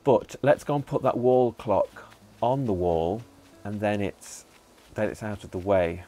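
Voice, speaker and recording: A lower-voiced man talks through his gameplay in a loose, chatty way, muttering to himself and the characters. He breaks into excited bursts now and then, with faint music playing behind him. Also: a little slow. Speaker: gaming channel host. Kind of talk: casual gameplay commentary.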